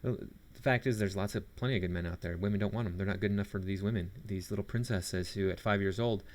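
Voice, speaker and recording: A man with a deep voice reacts to a video clip. He sounds sarcastic and scornful throughout. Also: fairly even intonation, fast, a little mellow. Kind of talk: reaction commentary.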